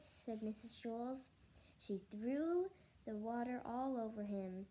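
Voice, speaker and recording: Lady reading a kids' book out loud, slow and mellow, redoes words. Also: a little high, low-quality recording. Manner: unhurried, with slips and restarts. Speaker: storyteller. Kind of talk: reading a children's book aloud.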